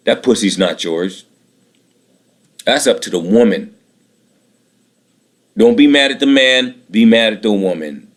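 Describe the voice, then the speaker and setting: A man's voice: mid-range voice, animated, measured pace, long pauses. A man in his late thirties giving a bitter, aggrieved personal monologue, repeating himself and swearing often. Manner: bitter, aggrieved, repetitive, profane.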